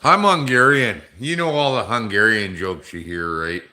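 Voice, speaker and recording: Man, middle-aged, tipsy, rambling joker, rough off-color banter, lowish voice, bright tense tone. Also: moderate pace. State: tipsy from drinking. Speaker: livestream host. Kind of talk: casual livestream chat with viewers.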